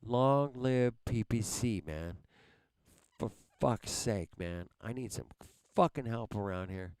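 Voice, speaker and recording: A man rants at his live stream audience, frustrated and swearing at every turn as he begs them to step up. He talks slowly and heavily, his voice clear and smooth. The sound is dry and close, with no room around it. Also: lowish voice, a little mellow, dry recording. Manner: profane, frustrated, pleading. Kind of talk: angry live stream rant.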